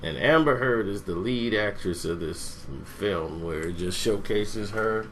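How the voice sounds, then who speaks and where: A man giving a casual, rambling movie review, meandering and pausing to search for names. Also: fairly low pitch, fairly bright tone, slight background noise.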